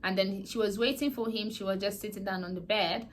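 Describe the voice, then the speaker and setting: A woman's voice: mid-range voice, steady tone, brisk, slight background noise. A woman vlogger casually recapping a drama series, animatedly acting out the characters' lines. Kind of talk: casual chatty plot recap.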